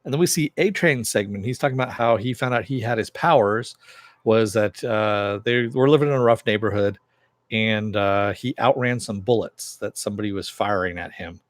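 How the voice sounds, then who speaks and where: A man's voice: lowish voice, moderate pace, no room sound. A man giving a casual episode recap as a reviewer, retelling the plot with lots of fillers. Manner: rambling retelling full of fillers.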